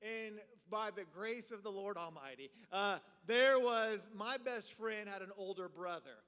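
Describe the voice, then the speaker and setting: A man preaching a storytelling sermon in a church, animated and full of filler words. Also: sits high, measured pace, smooth. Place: church sanctuary. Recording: reverberant hall.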